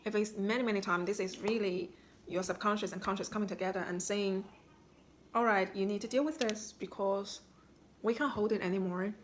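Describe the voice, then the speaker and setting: A woman as a spiritual healing coach, calmly guiding listeners through self-reflection with instructive questions. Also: medium pitch, a little fast, slight background noise. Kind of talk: guided self-reflection talk.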